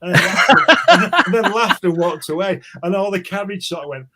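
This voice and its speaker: An older Englishman in his sixties telling stories in a casual chat, halting and repeating words as he goes. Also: high voice, pushed and bright. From England.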